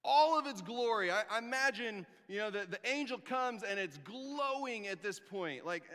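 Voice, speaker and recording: A pastor preaching a sermon, telling the story with animated jokes and sarcastic asides. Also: male voice, high voice, normal speed. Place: church. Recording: long reverb of a church hall.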